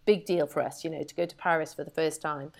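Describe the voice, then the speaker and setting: Brief: middle-aged woman, podcast co-host, chatty storyteller, slightly low voice. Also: quick pace, creaky. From Wales. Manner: chatty, animated storyteller who laughs often. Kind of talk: casual chat.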